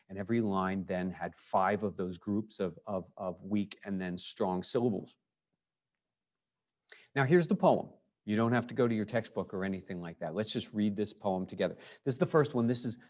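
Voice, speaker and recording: A man with a fairly low voice gives a recorded high school English lesson. He talks loosely and conversationally, stopping to restart his sentences and filling pauses with ums and uhs. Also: a little mellow. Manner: conversational, many fillers and restarts. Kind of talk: recorded lecture.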